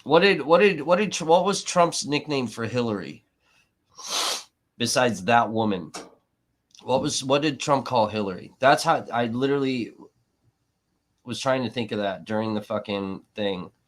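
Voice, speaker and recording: A man's voice: medium pitch, lively intonation, normal speed, pauses often. A man hosting a live stream, talking casually in a profane, sarcastic, rambling way, sniffly from allergies.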